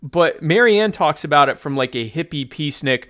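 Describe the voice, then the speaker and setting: A man's voice: fairly high pitch, expressive, moderate pace, fairly bright tone. A man co-hosting a podcast, chatting about politics animatedly, joking, with stammering restarts. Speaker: podcast co-host. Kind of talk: casual political chat.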